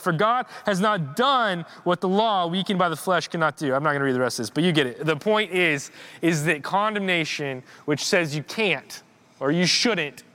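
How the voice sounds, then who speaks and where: A man's voice: high-pitched, sharp tone. A man giving an informal sermon in a church, conversational, repeating words and rising in emphasis. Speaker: preacher.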